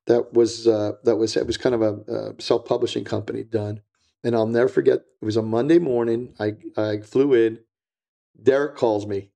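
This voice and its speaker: A man's voice: mid-range voice, gravelly, dark tone. A man, a retired agent, telling stories in a casual interview, rambling and blunt and acting out what other people said. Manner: rambling, repeats himself, blunt, acts out quoted voices. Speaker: retired DEA agent, guest.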